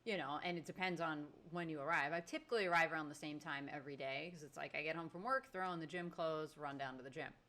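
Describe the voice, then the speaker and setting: A woman co-hosting a podcast, her voice sitting a little on the low side. She tells her story in loose casual chat with lively, exasperated energy. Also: fast talker, hardly any pauses. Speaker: podcast co-host.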